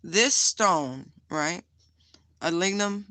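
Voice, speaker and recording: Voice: medium pitch, lively intonation, extremely slow, sharp tone, dry recording. A tarot reader giving a casual spiritual card reading to viewers, chatty and direct, with lots of fillers, calling the listener honey while showing a stone to the camera.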